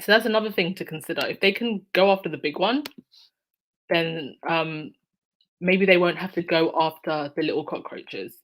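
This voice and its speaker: A woman's voice: lowish voice, normal speed, a bit bright, poor audio. A woman hosting a casual livestream, chatting with her viewers, thanking donors by name and reacting to chat comments. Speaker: YouTube commentator reading live chat donations.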